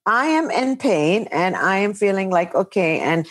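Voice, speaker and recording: A middle-aged woman hosting a podcast, casually retelling an annoying day in an animated, exasperated way. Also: mid-range voice, a little slow. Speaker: podcast host. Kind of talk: casual chat, storytelling.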